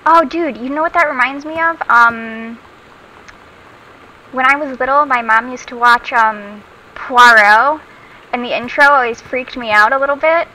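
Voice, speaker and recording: A woman's voice: sits high, measured pace, bright, forceful tone, low-quality recording. A young adult woman casually commenting as she plays a game, chatty and giggly, reading notes aloud as she finds them. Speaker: let's play host.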